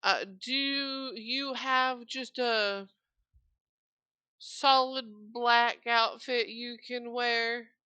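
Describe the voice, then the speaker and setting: Brief: practical green-spotted matron, as a woman puts her on, crisp and dry-sounding. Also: fairly high pitch, fairly even intonation, very slow, bright, forceful tone, no room sound, heavily acted. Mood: businesslike. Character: green-spotted mother hiring guards, businesslike.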